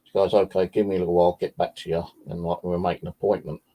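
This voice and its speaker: A man's voice: deep voice, level tone, racing, dark tone. A man telling rambling, profane stories about his cat in a casual vlog chat. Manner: swears freely, rambling anecdotes. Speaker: vlogger. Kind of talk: casual storytelling.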